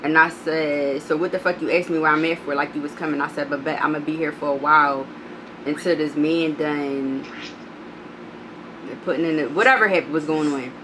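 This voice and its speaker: A woman vlogger telling a storytime, blunt and profane, animated as she reads out text messages. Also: low voice, moderate pace, noisy background. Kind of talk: storytime vlog.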